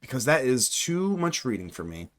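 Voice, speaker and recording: Male streamer, live gameplay commentary, very animated delivery, talks to himself as he plays. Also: medium pitch, moderate pace. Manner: chatty, excitable, thinks aloud, swings from playful to worried. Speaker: card game streamer and channel host.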